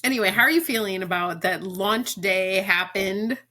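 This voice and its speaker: A woman interviewing a longtime friend in a casual Christian chat, encouraging and upbeat with quick affirmations. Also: medium pitch, bright, forceful tone.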